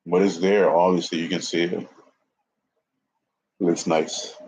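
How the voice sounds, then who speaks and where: A man's voice: sits low, little pitch movement, measured pace, darkish tone. A man in his twenties rambling profanely on a live stream, repeating himself and slightly out of breath. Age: 20s. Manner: profane, repetitive, restarts often. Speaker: livestreamer. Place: indoor room with a fan. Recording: muffled lo-fi stream audio.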